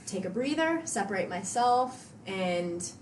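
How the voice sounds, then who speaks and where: This CrossFit athlete, a woman guesting on a podcast, tells casual stories about training and animatedly acts out what she and her coach said to each other. She speaks unhurriedly in a mid-range voice, in an echoey room with slight background noise.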